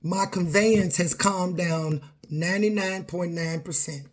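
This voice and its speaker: A woman's voice: lowish voice, unhurried. A middle-aged woman, speaking straight to camera in an emphatic, confrontational rant full of repeated lines. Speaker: vlogger.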